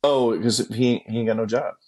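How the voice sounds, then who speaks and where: A man telling a story as a guest in a casual interview, acting out quotes with sudden jumps in pitch, swearing freely and laughing as he goes. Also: fairly even intonation, moderate pace, darkish tone.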